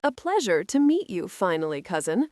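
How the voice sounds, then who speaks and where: A woman voicing a charming, easygoing male nobleman who talks in a slow drawl, in an audiobook. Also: mid-range voice, sing-song, darkish tone, dry recording, studio quality, lightly acted. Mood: amused.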